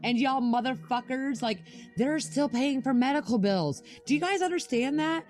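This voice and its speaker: A woman's voice: sits high, moderate pace, darkish tone, faint music behind. A young adult woman co-hosting a podcast, ranting angrily with lots of swearing in casual chat. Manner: angry, profane ranting. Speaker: podcast co-host.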